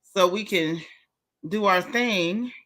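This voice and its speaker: A woman hosting a casual livestream, greeting viewers one by one in relaxed, slangy chat. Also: medium pitch, slow pace. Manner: warm, chatty, Southern American slang, greets viewers one by one. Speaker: livestream host.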